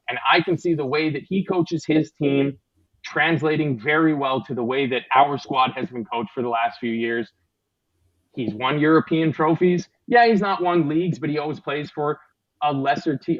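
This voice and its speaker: Fan panelist on a remote link, higher-voiced man, jokey, dry lo-fi sound. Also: no echo. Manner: chatty, jokey, thinks aloud. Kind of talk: casual chat.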